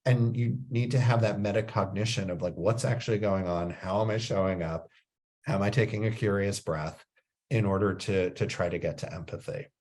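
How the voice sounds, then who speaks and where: A man as a podcast guest, explaining ideas with animated storytelling. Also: on the low side, moderate pace. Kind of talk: casual interview talk.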